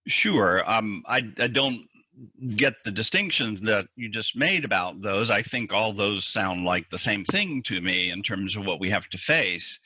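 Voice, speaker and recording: A man with a bright, forceful voice that has a husky edge. He talks as an interview guest, explaining his ideas earnestly and with emphasis, and often doubles back to repeat words. The sound is dry and close. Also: lowish voice, animated, a little slow, no room sound. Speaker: psychologist guest.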